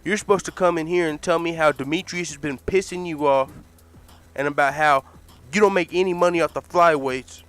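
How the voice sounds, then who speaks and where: A man's voice: fairly high pitch, brisk, a bit bright, faint music behind, pitched above the performer's own voice, lightly acted. A man voicing a cocky businessman who talks with swagger and profane street slang. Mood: stern.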